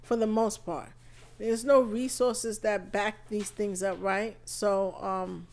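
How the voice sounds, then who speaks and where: A woman hosting a live podcast stream, feeling under the weather and chatting in an unhurried, rambling way full of fillers. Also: mid-range voice, fairly even intonation, darkish tone, a little hiss or hum. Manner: unhurried, chatty, thinking aloud with many fillers. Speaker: podcast host. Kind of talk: casual live-stream talk.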